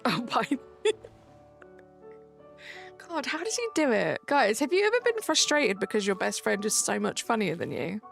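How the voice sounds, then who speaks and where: A woman's voice: a little high, very animated, a little fast, creaky. A young woman live streaming at home on a desk mic, chatting casually, reading chat aloud and joking back. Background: faint game music.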